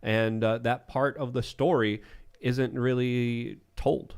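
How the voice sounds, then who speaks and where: A man co-hosting a talk show, speaking in a measured, careful way. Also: medium pitch, steady tone, vocal fry, darkish tone, clear, resonant tone. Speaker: co-host. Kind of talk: casual chat.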